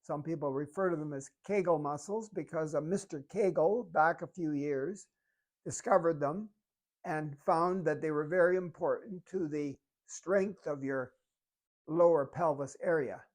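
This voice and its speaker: A fitness instructor giving calm, step-by-step exercise coaching while demonstrating the moves. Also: mid-range voice, measured pace.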